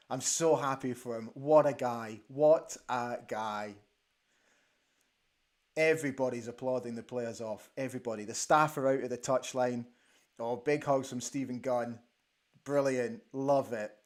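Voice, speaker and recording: A man hosting a live football watch-along show from a studio, excitable and exclaiming, often repeating himself as he reacts to the match. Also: medium pitch, moderate pace. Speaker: host.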